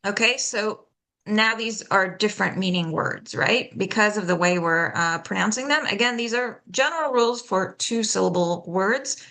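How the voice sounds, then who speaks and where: A woman leading a pronunciation workshop, patiently explaining and slowly demonstrating sounds, checking in often with "okay?". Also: medium pitch, sharp tone. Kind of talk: live online workshop teaching.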